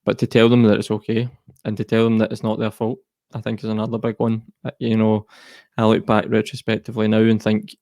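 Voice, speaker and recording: A Scottish man talks as a guest in an earnest, reflective way. His low voice has a gravelly rasp and stays fairly level. The sound is dry and close. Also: completely flat delivery, fairly quick, warm tone, no room sound. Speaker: guest, mental health charity co-founder. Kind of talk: personal interview talk.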